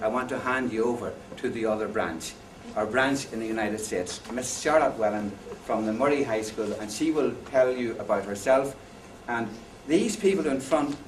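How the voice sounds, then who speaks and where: A man giving a talk on education to an audience, telling jokes and asking listeners questions. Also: mid-range voice. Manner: anecdotal, jokey, asks the audience questions. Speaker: conference speaker. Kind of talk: lecture to an audience. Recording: echoey hall, far from mic, faint noise.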